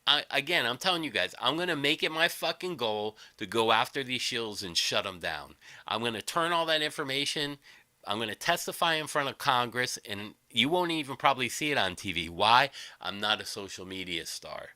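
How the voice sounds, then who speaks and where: A man's voice: medium pitch, lively intonation, normal speed, pushed and bright, no echo. A man hosting a livestream, ranting in an angry, combative and sarcastic way, swearing heavily. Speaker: livestream host. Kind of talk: angry profane rant.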